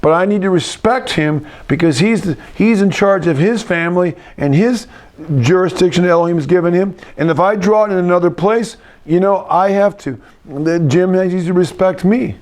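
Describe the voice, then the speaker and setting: A middle-aged pastor giving a conversational sermon, with frequent restarts and asides. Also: male voice, high-pitched, moderate pace, darkish tone.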